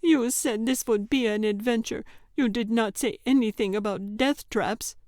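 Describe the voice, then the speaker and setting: A woman narrator voicing a frightened, sarcastic young girl exploring a cave, her voice shrill and quavering. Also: moderate pace, a little mellow, dry recording, clean studio sound, lightly acted. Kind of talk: audiobook character reading.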